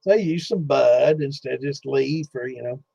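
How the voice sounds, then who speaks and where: A man's voice: mid-range voice, moderate pace, gravelly, dark tone, husky, no room sound. Man, host, casual rambling storyteller, profane, slightly dull lo-fi audio. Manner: rambling, profane, full of fillers. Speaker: host of a distilling Q&A livestream.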